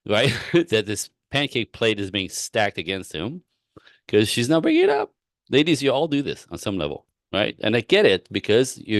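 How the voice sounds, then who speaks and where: A man working as a relationship coach, giving advice in a live-stream Q&A with animated, rambling storytelling and frequent laughs. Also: lowish voice, no room sound, clean studio sound.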